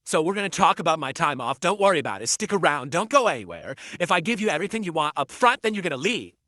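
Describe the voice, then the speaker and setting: Man, livestreamer, teasing, mocking, crisp bright tone, dry close sound. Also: on the high side, very animated, fast talker, dry recording. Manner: teasing, mocking, swears casually. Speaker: livestreamer reading super chats. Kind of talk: casual livestream chat.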